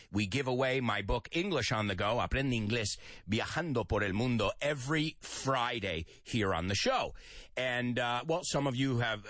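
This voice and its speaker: A man's voice: medium pitch, fairly bright tone, dry recording. A man hosting a radio show, reading listener comments aloud and teaching English idioms, with bits of Spanish mixed in. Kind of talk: lively radio show chat.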